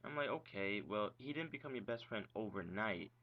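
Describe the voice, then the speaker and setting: A man's voice: fairly low pitch, expressive, a little fast. A young man venting angrily about his ex-girlfriend in a profane, rambling vlog rant, full of "like" and rhetorical questions. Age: young adult. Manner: agitated, profane ranting with frequent "like". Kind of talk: ranting vlog monologue. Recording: dull lo-fi webcam audio with faint hiss.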